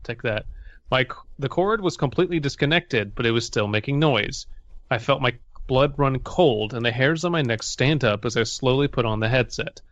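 A man's voice: mid-range voice, normal speed, fairly bright tone, dry recording, lo-fi sound. Man doing a mock-serious comedic reading. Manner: mock-serious narration, laughing often.

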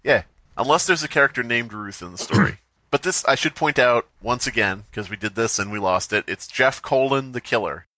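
A man's voice: mid-range voice, a little fast, pushed and bright, dry recording. A man co-hosting a comedy podcast, teasing and joking throughout. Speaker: podcast co-host. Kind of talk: comedic banter.

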